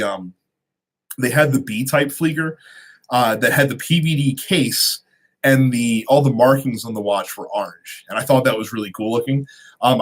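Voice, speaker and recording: Host, male, mid-pitched voice, unscripted live-stream chat, reads out viewer questions and rambles through the answers. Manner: conversational, many ums and restarts. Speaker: host of a watch channel.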